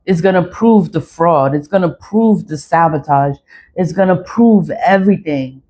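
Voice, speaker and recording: A woman's voice: lowish voice, a little slow, dark tone, slight background noise. A woman ranting to the camera in a blunt, profane, defiant way, repeating her phrases and laughing between lines. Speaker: vlogger.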